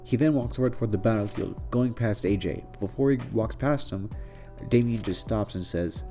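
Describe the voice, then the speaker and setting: A man's voice: lowish voice, moderate pace, mellow, soft background music. Chatty male fan-story narrator. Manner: chatty, addresses listeners directly.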